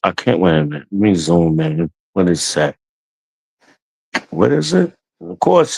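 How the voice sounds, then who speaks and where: A man's voice: on the low side, creaky, rough recording. A man giving blunt, profane relationship advice in a heated livestream rant, talking to his chat.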